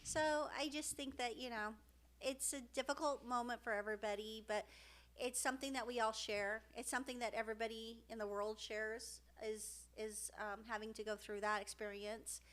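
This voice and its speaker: Heartfelt podcast chat comes from a middle-aged female co-host whose voice runs rather high. Her delivery is emotional and halting, full of restarts and gentle fillers, yet her tone remains steady.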